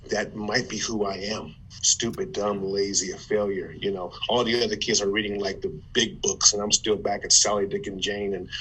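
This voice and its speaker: A man from Ohio, a former football player turned motivational speaker, telling his life story in an animated way with stammered restarts. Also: on the low side, moderate pace, few pauses, slight background noise, poor audio. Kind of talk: conversational storytelling.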